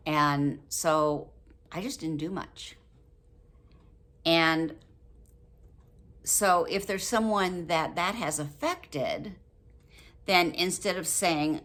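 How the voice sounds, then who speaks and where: An older woman talking casually to camera about a book, chatty and quick to laugh, acting out example phrases. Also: deep voice, a bit bright. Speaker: book review vlogger.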